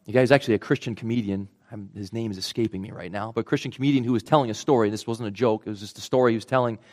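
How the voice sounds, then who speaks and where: A man's voice: fairly low pitch, fairly even intonation, racing. Earnest male preacher. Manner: earnest, restarts words, drops to a soft hush for tender moments. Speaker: pastor. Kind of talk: sermon.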